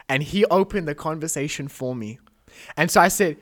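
A man's voice: fairly high pitch, moderate pace. Earnest young man sharing a testimony. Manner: earnest, animated storytelling, quoting prayers aloud. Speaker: podcast host. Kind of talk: emotional testimony in a casual chat.

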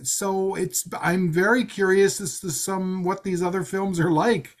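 A man's voice: high-pitched, steady tone, a little slow. A man co-hosting a podcast, giving wry, thoughtful film criticism in casual chat. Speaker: podcast co-host reviewing a film.

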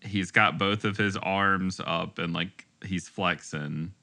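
A man's voice: deep voice, steady tone, slow pace, sharp tone. A man chatting casually over a game, describing things at length in a wry way. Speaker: let's play co-host. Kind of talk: casual gameplay chat.

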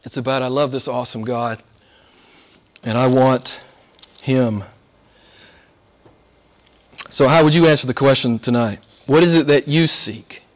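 A man preaching a sermon, swinging from hushed, whispered lines to loud, high exclamations, with playful asides and frequent laughs. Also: fairly even intonation, a little slow, long pauses.

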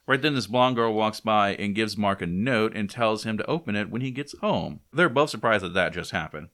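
A man's voice: fairly low pitch, lively intonation, normal speed, few pauses, fairly bright tone. A man in casual chat, recapping a comic and briefly acting out the characters' lines. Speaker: podcast co-host recapping a comic.

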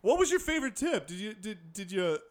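A man's voice: high-pitched, sing-song, fairly quick. A man co-hosting a casual podcast chat, rambling and laughing often. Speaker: podcast co-host.

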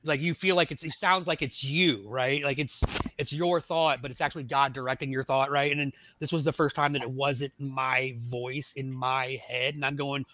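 Bright-voiced man telling his story. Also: mid-range voice, fairly even intonation, normal speed. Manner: rambling, full of "like" and "you know". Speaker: podcast guest, Army veteran. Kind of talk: casual testimony storytelling.

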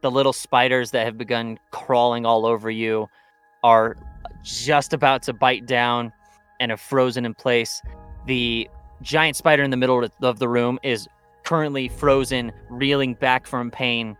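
A man's voice: mid-range voice, level tone, a little slow, fairly bright tone, clear, resonant tone, faint music behind. A man narrating as game master of a tabletop role-playing game, in a casual manner.

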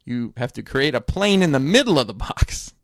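A man's voice: medium pitch, big pitch swings, moderate pace, no echo, clean studio sound. A man in rambling casual podcast chat, swearing casually.

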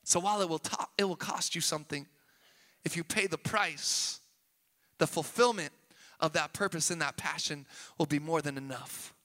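High, bright-voiced preaching man. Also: moderate pace. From Sacramento, California. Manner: energetic, builds to emphatic peaks, casual asides. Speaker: pastor. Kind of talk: sermon. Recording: long hall reverb with faint music.

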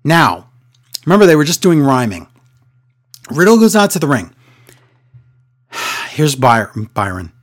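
A man's voice: a little high, sing-song, takes it slowly, long pauses. A man co-hosting a casual wrestling recap, sarcastic and exasperated, often mimicking wrestlers in a raised voice. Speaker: wrestling podcast co-host.

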